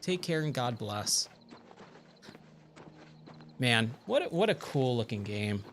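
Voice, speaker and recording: A man's voice: mid-range voice, very animated, takes it slowly, noisy background. A man chatting casually on a gaming livestream, easily amazed and thanking viewers, with faint game music behind.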